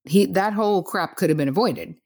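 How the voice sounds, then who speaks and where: A woman psychotherapist guesting on an interview, telling lively stories in a casual tone, acting out dialogue and swearing lightly. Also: medium pitch, a little fast, husky.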